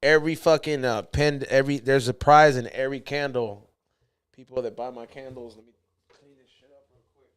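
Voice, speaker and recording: A man's voice: mid-range voice, a little fast, pauses often, clear, resonant tone. A man co-hosting a podcast, telling stories in loose, slangy casual chat. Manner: loose, slangy, animated storytelling. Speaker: podcast co-host.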